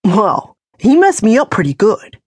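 A woman reading an audiobook, voicing a combative, battered young man who speaks bluntly and flatly. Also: mid-range voice, measured pace, slightly rough, no echo, voice pushed up, heavily acted. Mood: defiant. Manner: blunt, flat, pushy.

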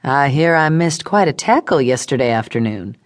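A woman reading a brisk, unflappable nurse. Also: very deep voice, lively intonation, no echo, clean studio sound.

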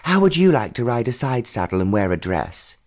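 A man's voice: medium pitch, very animated, fairly quick, darkish tone. A man voicing a defiant, snappish young woman rider in an audiobook romance. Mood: indignant.

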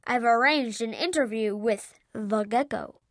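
A narrator voicing a giddy, bouncing father, a newspaper reporter who teases his son in a playful, hushed way. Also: very high voice, a little slow, dry recording, studio quality, voice pushed down, full character voice.

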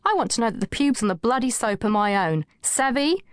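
A woman's voice: on the high side, very animated, a little fast, no echo, voice pushed up. A woman voicing a brusque, contemptuous young feminist in an audiobook, barking her lines. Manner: barking, sardonic. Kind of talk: audiobook character voice.

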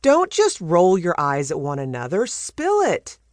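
Audiobook heroine: woman narrator doing a blunt, pushy woman reporter, lively and animated, dry read. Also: on the low side, unhurried, dry recording. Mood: insistent. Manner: blunt, insistent.

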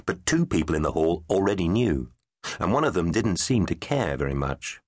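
A man's voice: low voice, very animated, moderate pace, breathy edge, dry recording. A man narrating a children's storybook in a playful, emphatic way. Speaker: audiobook narrator. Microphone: studio microphone. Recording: dry close studio sound.

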